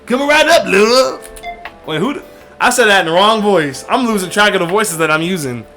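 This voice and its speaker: A man giving casual gameplay commentary, excitable, slangy and joking. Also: high-pitched, quick pace, soft background music. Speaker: gaming YouTuber.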